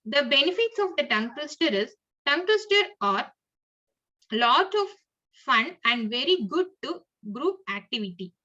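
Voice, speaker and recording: High, lively woman teaching pronunciation. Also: moderate pace. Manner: reads list-like points with small slips and restarts. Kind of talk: lesson narration. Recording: muffled lo-fi audio.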